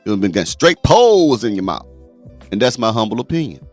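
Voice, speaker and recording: A man's voice: fairly low pitch, brisk, faint music behind. A man hosting a show, reacting crudely to clips and retelling them. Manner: crude, animated storytelling. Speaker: host.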